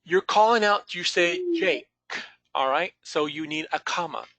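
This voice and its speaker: A man's voice: on the high side, lively intonation, measured pace, bright, forceful tone, dry recording. A man teaching an online class over a video call, patiently calling on students by name.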